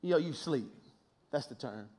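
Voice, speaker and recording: A man preaching a sermon, swinging between hushed, near-whispered passages and loud, impassioned shouting, often repeating words as he builds. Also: medium pitch, animated, normal speed. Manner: repeats words and restarts phrases in bursts.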